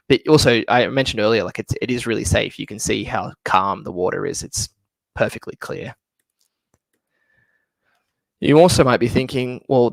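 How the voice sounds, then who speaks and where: A man's voice: mid-range voice, vocal fry, dry recording. A man giving a casual, chatty travel talk over slides in an online session, often laughing as he speaks. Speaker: travel presenter. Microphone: computer mic for an online session.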